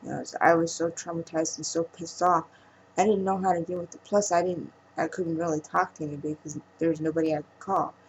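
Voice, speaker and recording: A woman speaking in a personal vlog monologue, halting and emotional, trailing off with pauses. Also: low-pitched, flat delivery, a little hiss or hum, poor audio. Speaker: vlogger.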